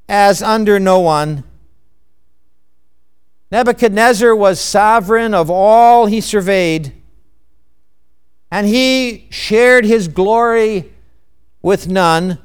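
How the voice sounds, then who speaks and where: A man delivers a sermon in a slow, deliberate cadence, stressing key words and posing rhetorical questions. His voice is clear and resonant, fairly high for a man. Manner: emphatic, measured preaching with rhetorical questions. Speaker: preacher.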